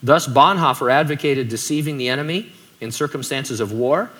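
A man delivers a sermon in a bright, forward voice. He keeps it conversational and breaks in with joking asides, at a medium pitch. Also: normal speed. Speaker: pastor.

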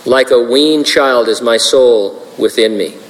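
A man's voice: mid-range voice, a little slow. A male pastor giving a verse-by-verse sermon, earnest with dry asides. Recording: long hall reverb.

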